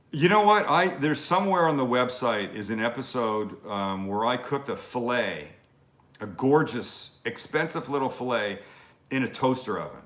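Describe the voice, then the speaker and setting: A man's voice: lowish voice, fairly bright tone, roomy sound. A man hosting a casual live-stream Q&A from his home kitchen, rambling and swearing freely between viewer questions. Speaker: cooking show host.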